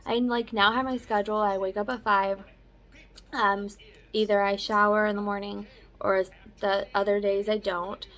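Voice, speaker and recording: A woman's voice: mid-range voice, flat delivery, moderate pace, a bit bright. A young woman chatting casually in a personal vlog update, rambling with filler words. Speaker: vlogger.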